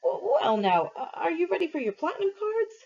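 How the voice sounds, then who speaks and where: A woman's voice: extremely high pitch, very animated, fairly quick, a little mellow, dull audio, voice pushed up, full character voice. Woman doing a coaxing casino bellhop. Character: smooth eager male casino bellhop.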